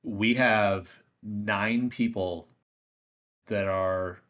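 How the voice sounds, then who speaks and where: Low-voiced man explaining, halting. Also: steady tone, fairly bright tone. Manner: halting, repeats words and restarts while explaining. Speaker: podcast host. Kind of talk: casual chat.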